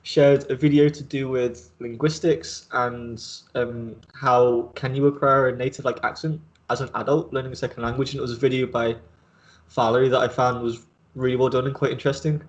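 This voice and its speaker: A man's voice: mid-range voice, level tone, fairly quick, dull audio. Rambling man hosting a chat. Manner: rambling, many fillers and restarts. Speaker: host. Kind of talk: casual video chat interview.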